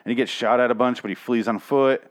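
A young man giving a casual, profane episode recap, rambling and sarcastic, often mocking characters in quick put-on voices. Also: medium pitch, steady tone.

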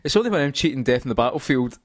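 A man's voice: medium pitch, animated, very fast, close to an everyday voice. Man reads a dry, world-weary soldier in a comic storybook reading. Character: smirking gruff male soldier.

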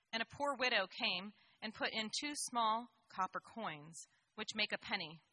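Woman doing the bible reading, slow and clear, bright sharp voice, dry close sound. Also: mid-range voice, no room sound. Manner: measured, clear reading aloud. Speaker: scripture reader.

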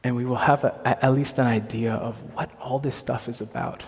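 A young man from Hong Kong preaching a sermon, earnest, asking rhetorical questions and moving between loud emphasis and quiet intensity. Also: medium pitch, fairly even intonation, a little fast. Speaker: pastor. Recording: long hall reverb.

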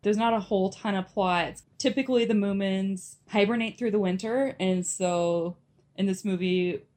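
A woman's voice: mid-range voice, normal speed, a little mellow. A woman co-hosting a casual podcast, chatting enthusiastically about films. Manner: enthusiastic, chatty, laughs easily. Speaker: podcast co-host. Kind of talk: casual film review chat.

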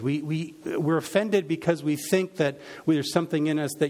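A middle-aged man, a pastor, preaching a sermon in a relaxed storytelling way, full of restarts and fillers. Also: a little high, moderate pace, few pauses. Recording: reverberant hall.

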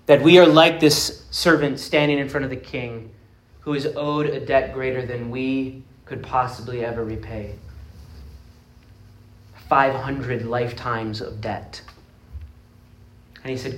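A man preaching a sermon, retelling a parable in an earnest, emphatic way with dramatic pauses. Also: medium pitch, fairly even intonation, slight background noise. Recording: roomy echoing space.

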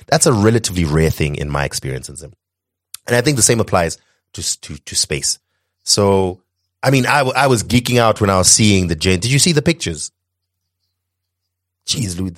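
Man from Zimbabwe, low voice, eager rambling podcast co-host, dry close sound. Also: sing-song, normal speed, no room sound. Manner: enthusiastic, rambling with restarts. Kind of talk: casual podcast chat.

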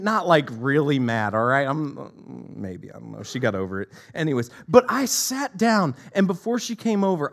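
A man in his forties preaching a sermon, telling stories with lively repeated phrases. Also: on the high side.

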